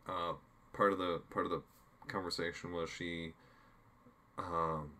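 Very deep-voiced man chatting casually. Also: little pitch movement, pushed and bright. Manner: rambling, halting with fillers and restarts. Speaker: podcast co-host. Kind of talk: casual chat reviewing a TV episode.

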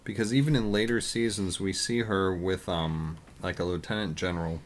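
A man co-hosting a podcast chats in a low voice at a moderate pace, his intonation fairly even. The talk is casual and wandering, heavy on fillers and restarts, with a little hiss or hum present.

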